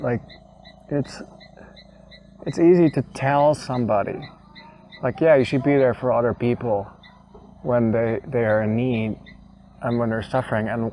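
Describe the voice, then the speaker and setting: A young man telling an emotional personal story, halting and repeating words as he chokes up with tears. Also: medium pitch, darkish tone, slight background noise, rough recording. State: tearful. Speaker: vlogger.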